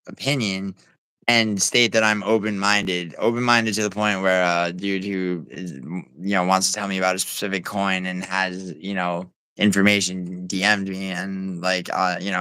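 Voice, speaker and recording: Streamer guy, lowish smooth voice, casual rambling chat with chat callouts, salty language. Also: sharp tone, dry recording, low-quality recording. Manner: rambling, many fillers and restarts, swearing; talks back to chat viewers. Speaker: livestream host. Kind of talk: casual livestream chat, reading chat.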